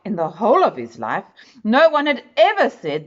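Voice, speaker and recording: A woman's voice: medium pitch, normal speed. Woman reading a kids' storybook aloud, sing-song up and down, kinda dull lo-fi sound. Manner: expressive, speaks to the listener directly. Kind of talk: children's picture-book read-aloud.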